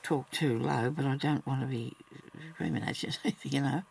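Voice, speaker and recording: A woman talks her way through a slow stitching session, half to herself and half to the camera. Her voice has a heavily gravelly, fried edge, with a faint hiss of background noise behind her. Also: extremely low pitch, fairly even intonation, a little mellow. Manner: chatty and muttering to herself while stitching. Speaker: crafter narrating her embroidery work. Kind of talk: casual talk-along crafting vlog.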